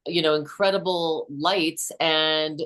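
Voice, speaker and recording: Guest in her 60s: low-pitched woman, earnest storyteller, chatty with frequent restarts. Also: fairly even intonation, slow, a bit bright. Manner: earnest, many restarts and "you know". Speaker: podcast host and author, guest. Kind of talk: storytelling in a casual interview.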